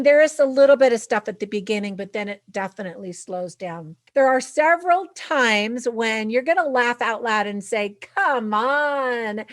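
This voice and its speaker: A woman's voice: on the high side, no echo. A woman hosting her own channel, giving a chatty, upbeat movie review with tips for parents. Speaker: film reviewer and channel host. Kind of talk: casual movie review to camera.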